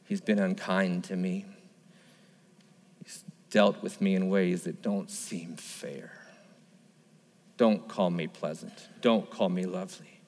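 A man voicing Naomi, a grieving, bitter older woman, in a low, heavy, despairing tone during a sermon. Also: steady tone, slow, long pauses, darkish tone, in a large hall.

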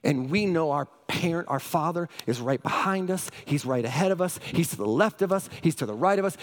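A middle-aged male pastor preaching a sermon, energetic and often asking the congregation questions. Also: a little high, brisk, few pauses.

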